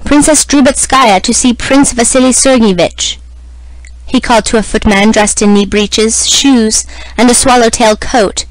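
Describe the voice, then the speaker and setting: Woman, audiobook narration, fairly high voice, measured and even, dry close sound. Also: no room sound, low-quality recording. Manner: measured, even reading of a classic novel. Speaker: audiobook reader. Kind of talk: scripted narration.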